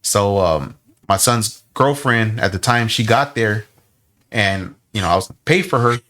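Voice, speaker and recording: A man's voice: lowish voice, unhurried. A man in his forties telling heated, profane stories in a casual podcast chat. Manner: heated, profane, animated retelling. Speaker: podcast co-host.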